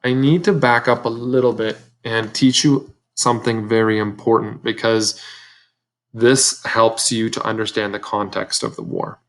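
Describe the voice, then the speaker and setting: A man's voice: on the low side, fairly even intonation, moderate pace. A male teacher giving a recorded history video lesson to seventh graders in a conversational way, often speaking straight to the students and correcting himself. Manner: conversational, self-correcting, addresses students directly.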